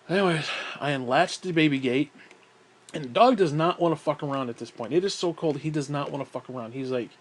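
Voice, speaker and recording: A slightly winded man rambles through a casual, swear-filled story, talking himself through it in asides. His voice sits a bit high for a man. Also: a little fast. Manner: profane, rambling, self-talk asides. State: out of breath.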